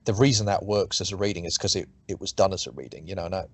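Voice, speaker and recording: A middle-aged author races through a casual interview about his writing, rambling, swearing, and repeatedly restarting sentences. His voice is low and slightly rough, with no echo on the recording.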